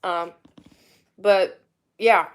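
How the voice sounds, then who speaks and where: A woman's voice: lowish voice, steady tone, very slow, smooth. Young woman, Romanian accent, casual vlog chat, candid, rambling, lots of "like". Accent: Romanian, mixed with British and Irish. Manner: candid, rambling, many "like" fillers. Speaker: vlogger. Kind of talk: casual eat-with-me chat answering viewers.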